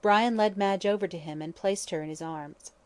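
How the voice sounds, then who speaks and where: A woman narrating a classic mystery novel in measured, expressive storytelling. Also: medium pitch. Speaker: audiobook narrator. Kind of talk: scripted narration.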